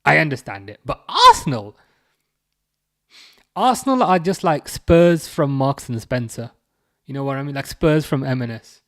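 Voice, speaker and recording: A man's voice: medium pitch, animated, unhurried, long pauses, no room sound, clean studio sound. A young man hosting a football watch-along livestream, rambling and mocking as he reads out viewer comments. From England. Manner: rambling, chatty and mocking, with many fillers and restarts. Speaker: livestream host. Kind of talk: casual live-stream chat, reading viewer comments.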